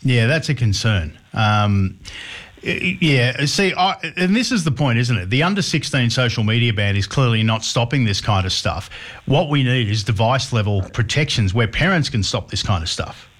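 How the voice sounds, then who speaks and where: A man's voice: medium pitch, expressive, moderate pace, a bit bright. A middle-aged man hosting a radio show, chatting casually with wry asides and hesitant restarts. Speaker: radio host.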